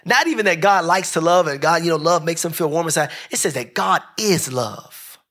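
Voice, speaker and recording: A pastor preaching a sermon at a church service, talking with the congregation in a conversational, animated way and swinging between loud and soft. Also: male voice, on the high side, normal speed.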